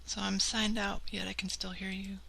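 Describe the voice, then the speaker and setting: A woman with a gravelly, bright voice makes brief offhand remarks on a live online show. Her tone is sharp with lots of vocal fry, and she speaks casually. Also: medium pitch, little pitch movement, moderate pace, poor audio.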